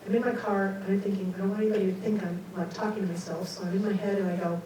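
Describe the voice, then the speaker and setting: Animated woman telling a story, echoey room. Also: mid-range voice, racing. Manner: animated, self-mocking, acts out dialogue. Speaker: guest speaker. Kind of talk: personal storytelling talk. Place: lecture room. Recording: echoey hall from far off, faint noise.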